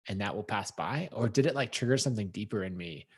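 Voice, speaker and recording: Husky low-voiced man, reflective. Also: expressive, quick pace, no room sound, clean studio sound. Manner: reflective, thinks aloud with fillers. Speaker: podcast co-host. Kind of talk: casual conversation.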